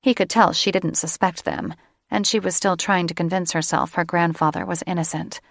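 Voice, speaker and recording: Low, gravelly woman narrating a romance. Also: fairly even intonation, moderate pace, dry recording, studio quality. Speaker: audiobook narrator. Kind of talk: scripted romance audiobook narration.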